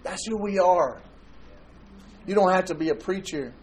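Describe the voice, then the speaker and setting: A man's voice: high-pitched, normal speed, darkish tone, rough recording. A man preaching a sermon in church, conversational and joking, telling anecdotes. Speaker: pastor.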